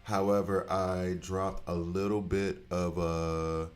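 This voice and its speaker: A man with a low voice holds forth on his gaming channel in a loose, unscripted rant. He is blunt and animated, drops casual swears, and often trails off and restarts his sentences. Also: takes it slowly, faint music behind. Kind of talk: casual ranting chat.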